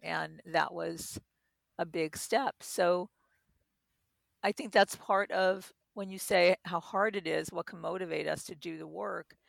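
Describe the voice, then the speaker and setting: A middle-aged woman talks in a calm, reflective way, illustrating her points with stories from her own life. Her voice has a strong vocal fry. The recording is dry, with little room sound. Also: lowish voice, unhurried, no echo. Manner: gentle, explains with personal examples. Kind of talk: reflective interview talk.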